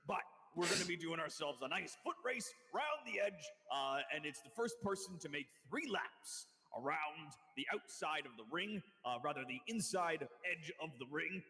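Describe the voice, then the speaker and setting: A man's voice: on the high side, lively intonation, moderate pace, few pauses, pushed and bright, big-room sound, voice pushed up. A man voicing a brash male orc arena announcer with tusks, in showy sports-announcer patter. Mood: hyped.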